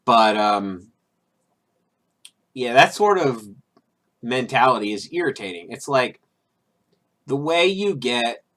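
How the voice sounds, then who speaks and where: A man's voice: medium pitch, big pitch swings, slow, long pauses, fairly bright tone. A man hosting his own video, talking casually and rambling through an opinion piece with restarts, fillers and irritated, sarcastic asides. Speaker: video host.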